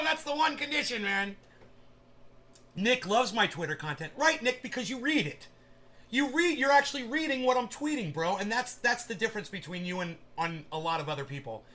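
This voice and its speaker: A man chatting on a livestream in a high, bright voice that has a forceful edge. He rambles from point to point, swears freely and calls out to viewers by name as they type in chat. It is loose, unscripted talk. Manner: rambling, profane, talks straight to viewers in chat. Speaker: livestream host.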